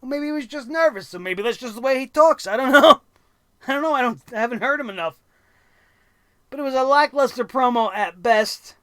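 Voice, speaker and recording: A man's voice: extremely high pitch, lively intonation, fairly quick, fairly bright tone, clear, resonant tone, no room sound, clean studio sound. A man hosting a wrestling review show, ranting bluntly and sarcastically with plenty of swearing.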